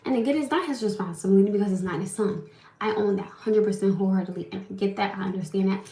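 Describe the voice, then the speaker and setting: A woman's voice: mid-range voice, fast, echoey room. A young woman, telling a story casually to her livestream viewers and venting. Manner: animated, venting, talks straight to viewers. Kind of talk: casual live-stream storytelling.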